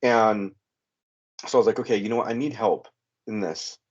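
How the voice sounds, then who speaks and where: A middle-aged man giving a hesitant, halting personal testimony as a caller on a podcast. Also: lowish voice, steady tone, breathy edge. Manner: hesitant, halting, many restarts and fillers. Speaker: returning caller. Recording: muffled lo-fi sound.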